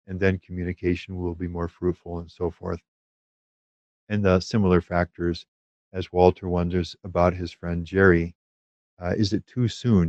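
Male spiritual teacher, low voice, measured and hesitant delivery, dull lo-fi quality. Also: a little mellow, no echo. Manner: measured, thoughtful, with frequent hesitations. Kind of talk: teaching talk on prayer.

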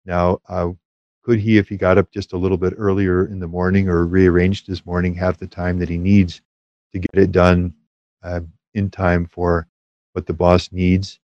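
A man giving a measured, thoughtful teaching talk on prayer, pausing often with hesitations. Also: deep voice, little pitch movement, no room sound, muffled recording. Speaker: Catholic spiritual teacher.

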